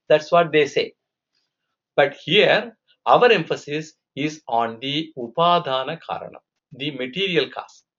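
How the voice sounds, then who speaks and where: A man's voice: on the high side, a bit bright. A man giving a scripture lecture as a teacher, explaining patiently and asking and answering his own questions. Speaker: Vedanta teacher. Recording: dull lo-fi recording.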